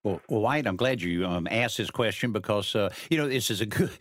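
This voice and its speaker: A man's voice: lowish voice, expressive, a little fast, no echo, studio quality. A middle-aged or older man hosting a home improvement radio show in an easygoing, folksy way with fillers. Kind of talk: radio call-in talk.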